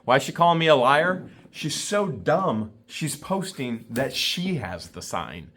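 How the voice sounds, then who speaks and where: A man's voice: mid-range voice, sing-song, measured pace, fairly bright tone. A man vlogging an indignant, scornful rant to camera, repeating himself for emphasis. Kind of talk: ranting commentary to camera.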